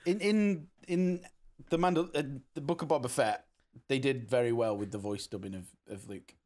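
A man's voice: mid-range voice, normal speed, darkish tone. A man, chatting casually and joking as a podcast co-host. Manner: easygoing, joking. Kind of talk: casual chat.

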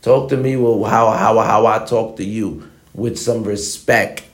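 A man's voice: lowish voice, fairly even intonation, measured pace, reverberant. A man giving a blunt, emphatic motivational monologue, lecturing his listeners and repeating his points for emphasis. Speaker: motivational vlogger. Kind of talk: preachy monologue to the camera.

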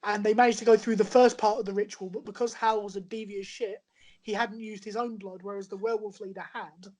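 A woman's voice: medium pitch, little pitch movement, fairly quick, darkish tone, rough recording. Giggly woman recapping a plot. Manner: giggly, explains plot chattily. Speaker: podcast co-host. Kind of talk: casual chat.

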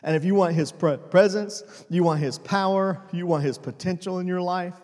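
Pastor guy preaching, kinda high voice, goes quiet then loud, big echoey church. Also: moderate pace. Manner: dynamic preaching, swings between hushed and loud. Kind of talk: sermon.

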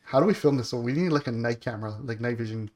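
Brief: male podcast host, casual chat, animated storyteller, swears often, average pitch. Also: fast talker.

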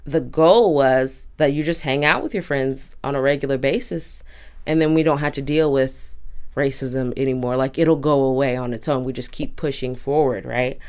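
A woman in her twenties from Durham, North Carolina, telling a personal story in a thoughtful way with frequent pauses. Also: a bass voice, a little mellow, clean tone. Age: 20s. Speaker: community storyteller. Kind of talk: reflective storytelling.

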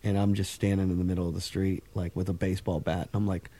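Low-voiced man telling a story, dry sound. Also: quick pace, no room sound. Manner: swearing, animated storytelling with acted quotes. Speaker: podcast host. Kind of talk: casual chat.

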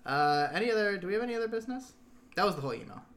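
A young man co-hosts a podcast in loose, casual chat, laying out his ideas in a dry, rambling, self-mocking way. His voice is bright and moves around a lot, and faint noise sits under it. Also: sits high, very animated, very fast. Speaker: podcast co-host.

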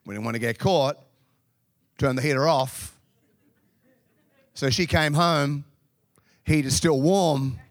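A man's voice: fairly high pitch, slow, pauses often, dry recording. A middle-aged Australian man preaching a sermon through humorous, self-deprecating stories from his youth. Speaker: pastor. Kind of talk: storytelling sermon.

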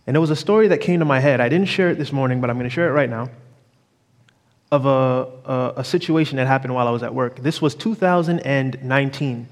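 A man's voice: mid-range voice, fast talker. A man preaching a sermon from the pulpit, drawing out phrases for emphasis and calling for responses from the congregation. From New York. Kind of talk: sermon with storytelling. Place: church sanctuary. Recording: long reverb of a church hall.

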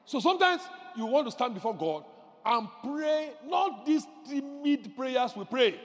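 Animated preaching man in a reverberant hall. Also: very high voice, normal speed. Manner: animated, shouting decrees and acting out voices. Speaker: pastor. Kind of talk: sermon.

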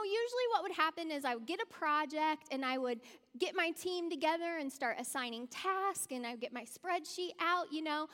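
A woman's voice: very high voice, fairly bright tone, in a large hall. A woman voicing a tired, down man chatting at a grill, speaking hesitantly with many fillers. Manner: hesitant, halting, full of fillers.

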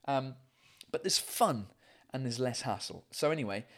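A man hosting a casual live show from home on a microphone, chatty and rambling with lots of fillers, excitable and casually swearing. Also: medium pitch, moderate pace. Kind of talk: casual chat.

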